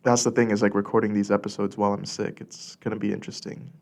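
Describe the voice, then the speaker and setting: Speaking fast in a level, slightly mellow tone, this young Californian man hosts a loose solo podcast into a studio mic, full of filler words, "likes" and false starts. His low voice carries a gravelly fry, and a cold leaves him congested and clearing his throat.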